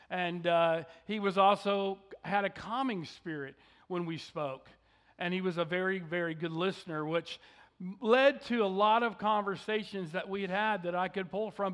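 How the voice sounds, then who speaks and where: A man's voice: high voice, a bit bright. A middle-aged male pastor giving a sermon, telling a personal story in an earnest, conversational way and reading scripture.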